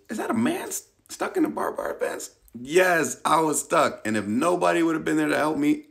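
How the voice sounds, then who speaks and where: A man's voice: medium pitch, vocal fry, a bit bright. An American man telling a funny, self-mocking story about his own mishap in a casual vlog. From United States. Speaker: vlogger.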